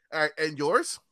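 A man telling stories in a casual chat, animated and profane, often laughing. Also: on the high side, dry recording, clean studio sound.

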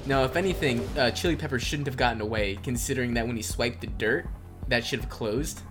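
Young male podcast co-host, easygoing and jokey, music clearly audible underneath. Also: medium pitch, brisk. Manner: relaxed and joking, laughs often, with fillers. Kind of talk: casual chat.

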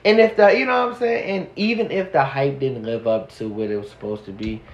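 Man, podcast co-host, mid-pitched voice, slangy and emphatic, roomy echo. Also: fairly quick, muffled recording. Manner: slangy, emphatic, many restarts. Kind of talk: casual sports chat.

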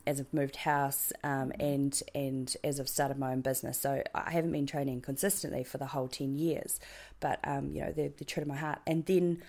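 A woman from New Zealand talks casually as an interview guest, her voice sitting very low for a woman. She speaks with a New Zealand accent, wanders through her story with frequent ums, repeated words and self-corrections, and laughs at her own jokes. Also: a little mellow. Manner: rambling, full of ums and restarts.

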